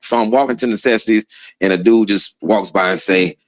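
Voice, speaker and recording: Captured on a low-quality recording, a man's lowish voice moves at a brisk clip through a relaxed, slang-heavy prison story. He animates it by imitating the other people involved and chuckling as he goes.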